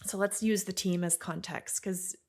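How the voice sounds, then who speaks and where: A woman's voice: lowish voice, steady tone, normal speed, darkish tone. A middle-aged woman hosting a podcast, talking earnestly and reflectively, sometimes dropping to a near-whisper for emphasis and laughing easily. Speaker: podcast host and academy leader.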